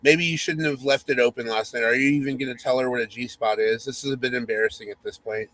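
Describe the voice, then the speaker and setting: Male host reading a spoof romance aloud; mock-sultry, teasing, medium pitch. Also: steady tone, fast, fairly bright tone, a little hiss or hum, low-quality recording. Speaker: podcast host.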